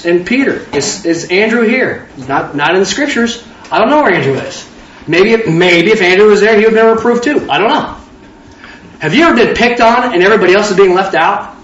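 High-voiced man preaching in a roomy hall. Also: a bit bright, slight background noise. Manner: conversational, acts out both sides of dialogues. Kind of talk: informal sermon. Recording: distant roomy hall, dull lo-fi sound.

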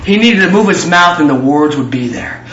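A man with a high voice preaches a fervent sermon, piling up repeated phrases. He sounds like he is in a reverberant room. The recording is dull and muffled. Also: lively intonation, normal speed, a bit bright. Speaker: pastor.

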